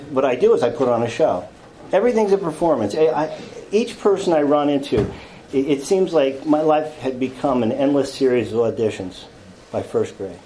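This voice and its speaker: A man with a mellow, low-key tone shares his own story before a group. He stumbles and restarts often and pokes fun at himself with a dry wit. A faint hiss sits under his voice. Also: poor audio. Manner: halting, stammered restarts, wry self-mocking humor. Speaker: speaker telling his life story to a group. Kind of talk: confessional storytelling talk.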